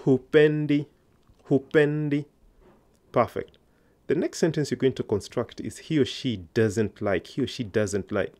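A man's voice: lowish voice, lively intonation, moderate pace, darkish tone. A man teaching a Swahili lesson online, explaining grammar step by step and encouraging learners to repeat after him.

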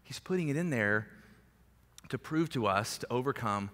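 A man preaching a sermon in a conversational, animated storytelling way, with sudden drops to a hushed voice. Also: mid-range voice, moderate pace. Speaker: pastor. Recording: echoey hall reverb.

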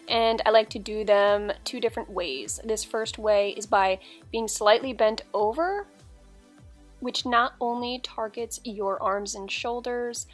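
A young woman talking through a dumbbell workout in a chatty, upbeat, instructive way, like a fitness vlogger. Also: on the high side.

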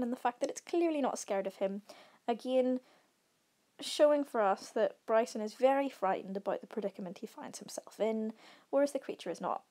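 A woman's voice: a little high, a little mellow. A woman teacher talking through exam answers, explaining patiently, with frequent ums and short readings from the text. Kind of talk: exam revision walkthrough.

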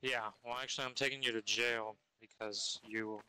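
Blunt man with a very bright voice. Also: medium pitch, fairly even intonation, normal speed, poor audio. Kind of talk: game voice chat.

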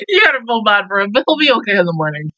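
Bright, animated woman reacting to anime. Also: mid-range voice, very fast, no echo, highs cut off. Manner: excitable, gushing, swears freely. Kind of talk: casual reaction commentary.

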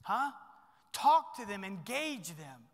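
A middle-aged pastor preaching a sermon in a church, animated and swinging between loud bursts and hushed asides. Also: male voice, sits high, takes it slowly, big-room sound.

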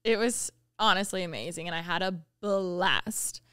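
A young woman co-hosting a podcast in casual chat, enthusiastic and quick to agree. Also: lowish voice, fairly bright tone, smooth, no room sound, studio quality. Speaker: podcast co-host.

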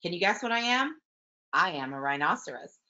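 A woman's voice: on the low side, big pitch swings, brisk. A teacher reading a picture book aloud, voicing a small female bulldog who insists she is a rhinoceros. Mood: proud, dreamy. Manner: bright, proud storybook read-aloud voice. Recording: muffled webinar audio.

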